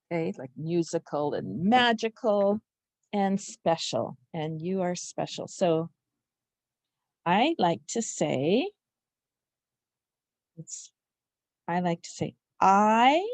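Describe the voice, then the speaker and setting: A woman teaching a spelling lesson to young children, slowly sounding out each syllable with patience. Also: fairly low pitch, darkish tone, no room sound.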